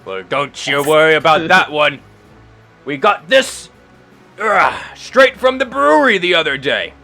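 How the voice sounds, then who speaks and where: A man voicing a boisterous pirate bartender who shouts greetings to newcomers. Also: a little high, sing-song, unhurried, gravelly, soft background music, voice pushed up, heavily acted. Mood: jovial. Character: loud rowdy male pirate bartender.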